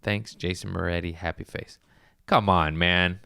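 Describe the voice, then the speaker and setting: Man, comedian podcast host, lowish voice, clean smooth tone, dry close sound, swears a lot, rambles excitedly. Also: a little slow, no room sound. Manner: profane, rambling, excitable storyteller. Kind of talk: casual podcast chat.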